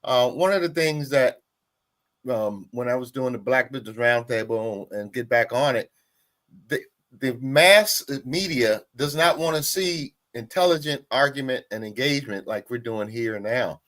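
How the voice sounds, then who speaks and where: A man speaking as a guest on a political roundtable, deliberate and emphatic. His pitch is ordinary. He leans on his points and repeats them. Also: fairly bright tone. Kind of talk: political discussion.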